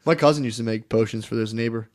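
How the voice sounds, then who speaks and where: A man's voice: mid-range voice, fast, a little mellow. A man co-hosting a podcast in casual banter, rambling through stories with lots of swearing and trailing-off thoughts. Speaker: podcast co-host.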